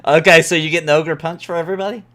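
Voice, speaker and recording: Casting: woman, very deep voice, relaxed game master. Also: very fast. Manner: relaxed, laughing narration. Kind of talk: narrating a tabletop game.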